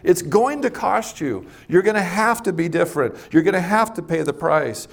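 A middle-aged man delivers a sermon in a somewhat raised voice. He is emphatic, stretching key words slowly and then rushing through others. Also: high voice, creaky. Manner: emphatic, varies pace and loudness for effect. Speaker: preacher.

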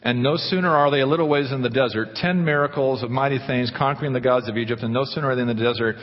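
A man preaching a sermon, animated, putting questions to the congregation. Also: mid-range voice, fast, few pauses. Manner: animated, asks the congregation questions, acts out quotes. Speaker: pastor. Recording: dull, echoey church hall recording.

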